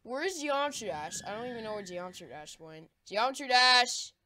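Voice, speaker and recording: A woman giving excitable live gameplay commentary, with frequent panicked cries and laughter. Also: fairly high pitch, moderate pace. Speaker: gaming video creator. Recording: loud background noise.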